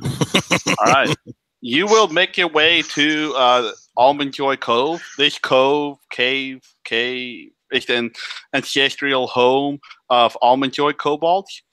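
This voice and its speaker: A man's voice: mid-range voice, sharp tone, no echo. A man running a tabletop game as game master, narrating casually with many fillers and laughs.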